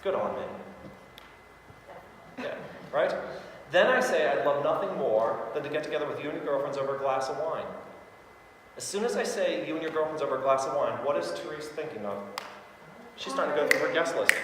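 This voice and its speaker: A man's voice: fairly high pitch, fairly bright tone. Upbeat man training in an echoey hall. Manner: upbeat, acts out both sides of phone calls. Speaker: sales trainer. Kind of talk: sales training talk with role-played calls. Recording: echoey hall with faint noise.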